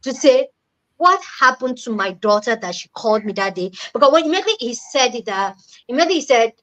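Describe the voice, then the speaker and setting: A woman's voice: fairly high pitch, animated, fast talker, fairly bright tone, rough recording. Earnest young woman telling a story. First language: not English. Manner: earnest and emphatic, repeats key words. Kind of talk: personal storytelling in casual chat.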